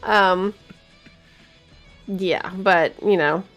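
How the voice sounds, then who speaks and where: A woman's voice: lowish voice, drawn-out words, a bit bright, faint music behind. A woman co-hosting a casual gaming talk show, chatty and teasing, laughing often. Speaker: podcast co-host.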